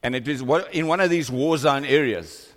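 A man's voice: medium pitch, moderate pace, long reverb tail. A man preaching a sermon to a congregation, praying and storytelling with fervent, rising intensity. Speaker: pastor. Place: church hall with congregation. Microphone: microphone on a stand.

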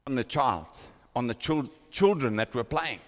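A man's voice: mid-range voice, expressive, normal speed, in a large hall. A man preaching a sermon to a congregation, praying and storytelling with fervent, rising intensity. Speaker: pastor. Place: church hall with congregation. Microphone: microphone on a stand.

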